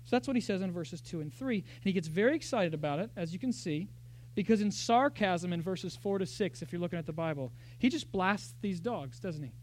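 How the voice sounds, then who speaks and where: A man with a high voice preaches a sermon in a church. He talks in a lively, conversational way and keeps asking the congregation rhetorical questions. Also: fairly quick, a little hiss or hum. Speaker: pastor.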